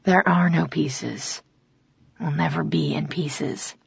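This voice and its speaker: A woman voicing a brooding young male musician who speaks softly and low in a romance audiobook. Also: fairly even intonation, takes it slowly, gravelly, slightly rough, no room sound, lo-fi sound, heavily acted. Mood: hushed tender. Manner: hushed, low and tender.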